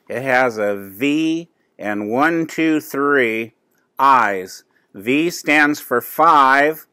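An older man, a grandfather, reading a children's book aloud at home and pausing to explain words. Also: fairly high pitch, no room sound, clean studio sound. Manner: gentle, explains words as he reads. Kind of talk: children's storybook read-aloud.

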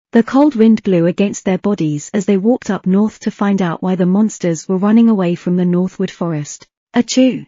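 A woman narrating a fan fiction audiobook with a steady reading pace and an occasional slip. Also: medium pitch, no echo, highs cut off.

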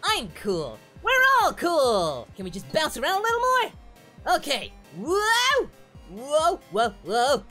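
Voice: high voice, wildly swooping pitch, slow pace, sharp tone, faint music behind, heavily acted. A performer voicing Goku, a cheerful, dim-witted adult martial-arts hero, giving childlike, whooping commentary on a game and referring to himself in the third person. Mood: excitable. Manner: giddy, childlike, shrieks and whoops. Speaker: let's play commentator in character. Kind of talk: comedic parody game commentary.

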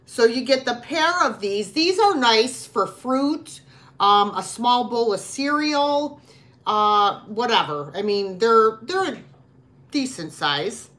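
A woman's voice: on the high side, animated, slow pace, a bit bright. A woman chatting casually as she hosts a live online sale, laughing easily between items. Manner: chatty, laughs easily, talks with mouth full. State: runny nose. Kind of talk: casual live selling chat.

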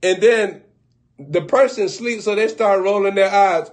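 A man preacher telling a comic, animated story, laughing often and acting out little scenes. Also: sits high, a little slow. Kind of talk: comedic storytelling riff.

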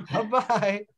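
A woman leading a laughter yoga group on a video call, coaxing people and laughing through her words. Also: medium pitch.

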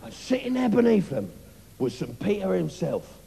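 A loud, swaggering show-off, as a male comedian puts him on, tells his tale. His voice is high and bouncy with a gravelly rasp. He rings out through a reverberant club with faint room noise. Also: big pitch swings, normal speed, exaggerated voice. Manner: brash, swaggering storytelling. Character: brash, boastful cockney working man. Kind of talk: live stand-up character comedy. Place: comedy club stage, live audience. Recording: reverberant live venue, faint ambience.

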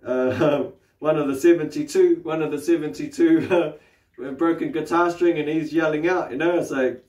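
A man's voice: on the high side, steady tone, normal speed, a little mellow. A man with a New Zealand accent teaching meditation in a loose, casual way, swearing freely and tagging his sentences with questions. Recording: roomy, distant mic.

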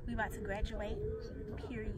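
A young woman, a high school senior athlete, speaking softly and a little self-consciously to the camera. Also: level tone, brisk. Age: young adult. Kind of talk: casual chat on camera. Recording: distant mic with loud crowd behind.

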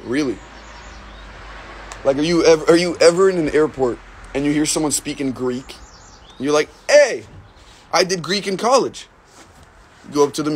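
A man's voice: mid-range voice, darkish tone, a little hiss or hum. A young man from the United States chatting casually on a livestream, rambling, joking and swearing while he reads comments. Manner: rambling, profane, filler-heavy, joking. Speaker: livestream host.

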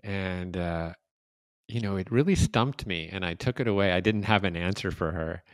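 A man in his fifties hosting a podcast interview, telling reflective stories in a casual, unhurried way. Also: low voice, no echo, clean studio sound. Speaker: podcast host.

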